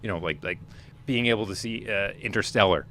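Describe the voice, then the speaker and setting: Bright-voiced man, rambling opinions. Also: on the low side, a little fast. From Manitoba, Canada. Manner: opinionated, rambling with frequent restarts. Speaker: podcast co-host. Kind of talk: casual conversational podcast.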